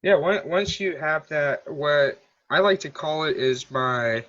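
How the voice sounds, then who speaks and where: A man's voice: fairly high pitch, expressive, a little slow, fairly bright tone. Laid-back joking male podcast host. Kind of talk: casual interview chat. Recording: slightly dull lo-fi sound.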